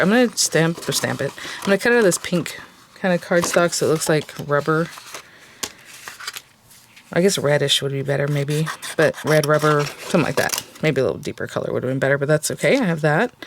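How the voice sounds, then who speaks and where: A woman's voice: deep voice, a little hiss or hum. A woman hosting a casual crafting tutorial, chatting and thinking aloud with lots of fillers as she works. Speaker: craft channel host.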